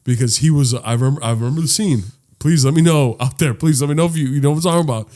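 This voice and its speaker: Regular-voiced guy on a chill podcast, excitable, cusses a lot, gets loud when hyped. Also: mid-range voice, racing. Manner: excitable, swears freely, ramps up loud when animated. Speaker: podcast co-host. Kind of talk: casual chat.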